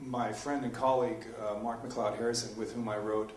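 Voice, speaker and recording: A man, a philosophy professor, giving a debate presentation in a lecture room, talking in an animated lecturing way with many ums and uhs. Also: on the low side, moderate pace, far from the mic, slight background noise. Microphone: distant from the microphone. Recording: echoey room recorded from afar.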